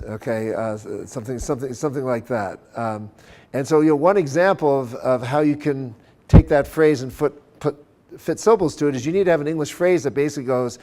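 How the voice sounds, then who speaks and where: A man's voice: medium pitch, brisk, darkish tone. A man lecturing at a conference on church music. He explains step by step, keeps checking in with "okay?", and breaks into short sung chant examples. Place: conference center.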